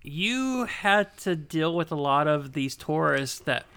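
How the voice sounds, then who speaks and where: A man's voice: a little high, lively intonation, slow pace, gravelly, a bit bright, clean tone, no room sound. A man hosting a podcast, asking a guest questions in a casual chat and laughing easily. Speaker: podcast host.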